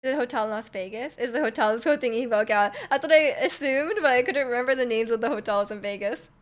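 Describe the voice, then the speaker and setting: A young woman livestreamer with a fairly high voice talks fast as she casually chats with her viewers. Her talk wanders loosely while she picks up and answers their questions from chat as they appear.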